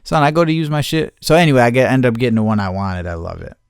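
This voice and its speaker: A man's voice: medium pitch, very animated, rapid-fire, vocal fry, smooth, no room sound, studio quality. A man hosting a podcast, telling a rambling, profane story in a casual rant and mimicking the people he dealt with. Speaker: podcast host.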